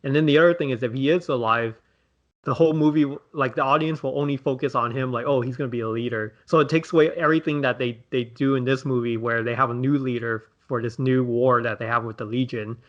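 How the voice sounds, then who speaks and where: A man's voice: medium pitch, fairly even intonation, quick pace, dull audio. A man co-hosting a podcast, chatting casually about movies and laying out his points step by step. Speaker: podcast co-host.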